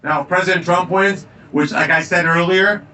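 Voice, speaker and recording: Forceful, emphatic campaigning man. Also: high-pitched, moderate pace, far from the mic, low-quality recording. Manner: anecdotal, emphatic, energetic. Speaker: political candidate. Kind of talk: campaign stump speech. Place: tavern, indoors.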